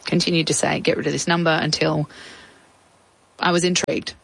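A woman's voice: sits low, level tone, a little fast, creaky, a bit bright, a little hiss or hum, low-quality recording. A woman with an Australian accent, probably in her thirties, telling her personal story in an interview with casual, reflective talk and lots of quoted speech. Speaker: interview guest.

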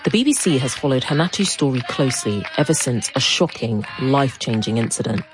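A woman reporter narrating a news feature in a calm, steady voice. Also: rumbling low, fairly quick, background noise.

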